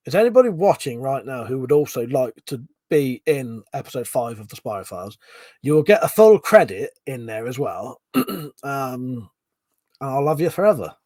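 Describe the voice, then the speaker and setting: A man's voice: medium pitch, big pitch swings, normal speed, a little mellow, no echo. A man hosting a casual livestream, chatting and reading out viewer comments, swearing now and then. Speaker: livestream host.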